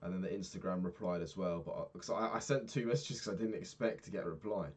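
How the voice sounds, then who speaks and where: A young man in his twenties with a deep voice talks fast in his daily vlog, with a bit of hiss or hum on the recording. He's frank and rambling, swearing offhandedly and padding pauses with ums.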